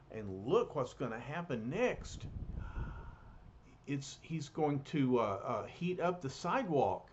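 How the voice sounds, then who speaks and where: A man reads a comic book aloud at an unhurried pace, stopping on fillers. His pitch is lively and a bit raised. The recording is dull and lo-fi with a faint hiss. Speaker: reader.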